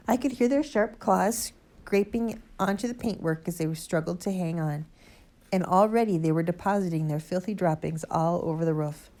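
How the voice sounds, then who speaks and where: A woman narrating a children's storybook aloud in an expressive, lively way. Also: on the low side, normal speed. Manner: lively expressive reading, first-person boy narrator. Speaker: audiobook reader.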